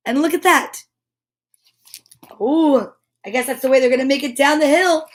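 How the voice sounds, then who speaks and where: A woman reading a children's picture book aloud, animated and chatty, breaking off for little asides to her listeners. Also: high voice, normal speed.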